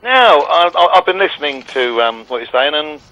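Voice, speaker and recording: Rambling bright-voiced male caller. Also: on the high side, big pitch swings, moderate pace, dull audio. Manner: rambling, stumbles over words. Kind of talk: casual radio phone-in.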